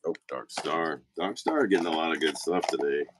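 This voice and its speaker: A man who owns a toy store, chatting casually through a live-stream auction, rambling with quick apologetic asides. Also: a bass voice, noisy background. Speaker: toy store owner running online auctions. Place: indoor shop room.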